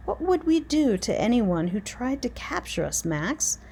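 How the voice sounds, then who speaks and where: A woman's voice: a little high, sing-song, a little slow, gravelly, warm tone, husky, heavily acted. A woman voicing a boastful grown man art thief in a storybook, talking in a pompous, gloating way.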